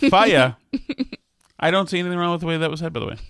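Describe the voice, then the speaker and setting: A man's voice: fairly high pitch, level tone, rapid-fire, gravelly, a bit bright, clear, resonant tone, no echo, clean studio sound. A man hosting a casual talk show, grumbling and sardonic, with mock outrage. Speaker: radio show host.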